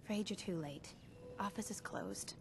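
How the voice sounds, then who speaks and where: An actress voicing a tired, matter-of-fact office secretary in video game dialogue. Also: female voice, medium pitch, normal speed, background noise, natural voice. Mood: weary.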